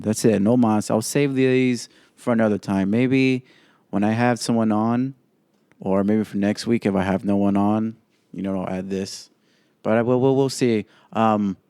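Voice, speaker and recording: A man hosts his own podcast alone, his voice pitched low with a warm, mellow tone. He talks bluntly and swears freely, firing off strong opinions. The recording is dry and close. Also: vocal fry, no echo. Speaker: podcast host. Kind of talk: casual solo podcast commentary.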